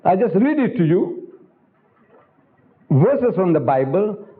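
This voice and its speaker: A man's voice: sits high, very animated, takes it slowly. An older man giving a public religious lecture in an emphatic, rhetorical manner, speaking directly to his audience. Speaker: Islamic lecturer. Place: lecture hall. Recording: tinny lo-fi archival lecture tape.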